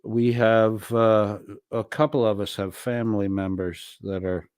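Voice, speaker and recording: A man's voice: lowish voice, fairly even intonation, unhurried, a little mellow, smooth, no echo, studio quality. A man hosting a livestream, reading viewer comments aloud and answering them in a crude, mocking, profane way. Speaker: livestream host.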